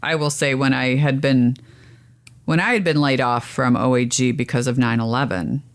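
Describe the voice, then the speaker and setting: A woman's voice: extremely low pitch, moderate pace. A woman in her forties co-hosting a casual chat, talking in a chatty way, jumping in to clarify and telling stories. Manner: chatty, clarifying, animated storyteller. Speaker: podcast co-host.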